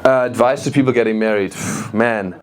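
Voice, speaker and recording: A man with a German accent doing stand-up crowd work, playful and animated, often laughing at his own jokes. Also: medium pitch, normal speed. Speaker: stand-up comedian.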